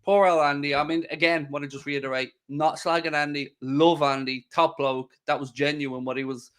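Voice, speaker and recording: A man's voice: a little high, fairly even intonation, moderate pace, a bit bright, clear, resonant tone. A young English man hosting a casual football watchalong, chatty and teasing, reading viewer messages aloud. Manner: teasing, chatty, reads super chats. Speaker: host.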